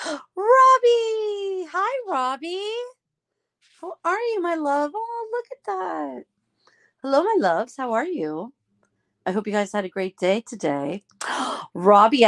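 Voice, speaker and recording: Gushing woman greeting her live viewers. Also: mid-range voice. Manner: drawn-out, easygoing talk. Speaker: live-stream host. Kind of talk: casual live-stream chat.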